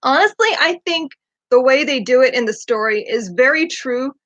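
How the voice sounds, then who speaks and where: A woman's voice: high voice, animated, normal speed, fairly bright tone, dry recording. A woman hosting a casual book discussion, chatty and eager, who laughs often. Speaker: podcast host. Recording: dull lo-fi dry sound.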